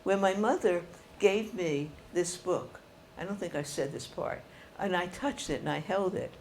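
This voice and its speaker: Older female storyteller, animated, creaky voice. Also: on the low side, a little slow, a little hiss or hum. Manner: chatty, animated, laughs while telling. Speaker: speaker telling stories to an audience. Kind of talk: storytelling talk.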